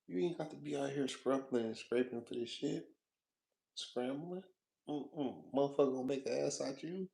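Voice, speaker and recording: A man's voice: medium pitch, moderate pace, creaky, mellow, echoey room. A man vlogging in a loose, profane, rambling monologue, repeating himself, laughing often and talking straight to the viewer. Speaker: food vlogger.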